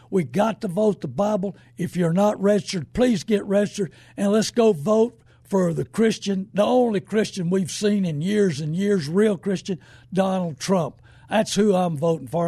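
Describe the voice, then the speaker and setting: A man hosting a call-in radio show, talking in a folksy, rambling way that builds to shouting. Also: high-pitched, breathy edge, no echo, studio quality.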